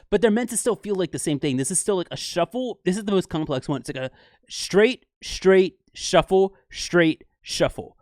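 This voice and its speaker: A man hosting a casual music breakdown, excitably scatting rhythms aloud as he explains them. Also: high voice, dry recording, clean studio sound. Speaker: music reaction host.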